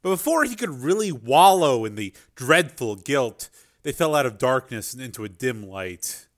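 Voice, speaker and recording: A man's voice: medium pitch, sing-song, moderate pace. A man narrating a chapter of an adventure novel as an audiobook reader. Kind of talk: scripted narration.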